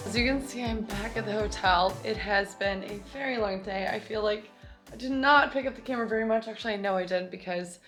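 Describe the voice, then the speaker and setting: A woman's voice: mid-range voice, a bit bright. Chatty young woman vlogging. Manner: chatty, rambling, heavy use of "like". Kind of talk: casual vlog chat to camera.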